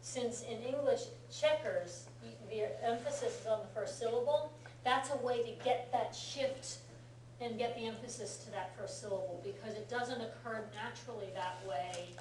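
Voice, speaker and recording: A woman's voice: on the high side, normal speed, darkish tone. American woman teaching, roomy and distant. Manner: explanatory and encouraging, many fillers. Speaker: language teacher. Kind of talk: casual language lesson. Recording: roomy room from far off, faint hum.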